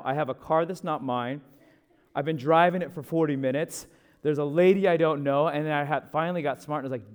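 A young man, a pastor, telling a chatty, animated story from the pulpit, with asides to the listeners. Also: on the high side, fairly quick, clean tone. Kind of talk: storytelling sermon.

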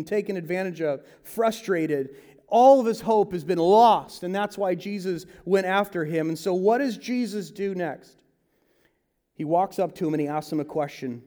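Animated high-voiced male preacher. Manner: animated preaching, swinging from loud to hushed; mimics salesmen and advisers in quick asides. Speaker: pastor. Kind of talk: sermon.

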